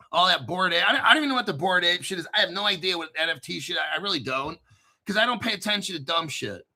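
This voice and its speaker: A man hosting a crypto channel, reading news aloud with excitable, joking, profane commentary and frequent throat clearing. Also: high-pitched, quick pace.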